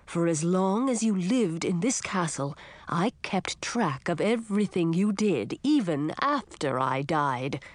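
A woman voicing a calm, stern old male ghost king in a storybook reading, speaking slowly and evenly. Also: lowish voice, no echo.

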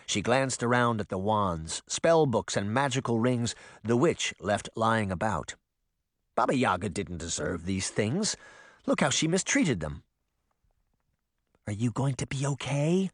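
A male narrator reads a storybook with dramatic, expressive delivery. His pitch moves a lot, and the recording is dry and close. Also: measured pace, dry recording. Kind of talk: audiobook narration.

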